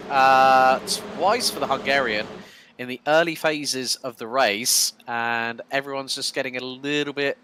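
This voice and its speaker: A man commentating a sim racing broadcast, calling the action quickly with casual fillers between remarks. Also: mid-range voice, a little hiss or hum. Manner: fast, excitable play-by-play with fillers.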